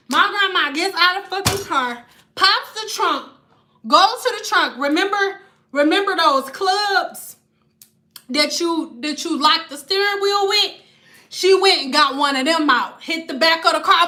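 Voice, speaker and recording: A woman telling a story on a casual vlog, animated and profane, with laughing asides. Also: very high voice, a little slow, slight background noise. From Detroit. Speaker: vlogger.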